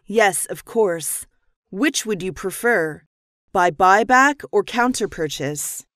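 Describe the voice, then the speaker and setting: Woman, lesson dialogue reader, measured and crisp, mid pitch, dry close recording. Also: no echo. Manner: measured, even, clearly articulated reading. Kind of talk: scripted business dialogue reading.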